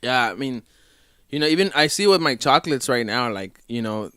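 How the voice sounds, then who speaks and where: Smooth-voiced man rambling casually. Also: mid-range voice, lively intonation, fairly quick, fairly bright tone, dry recording, clean studio sound. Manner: rambling, loose, many fillers. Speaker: podcast guest. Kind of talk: casual podcast chat.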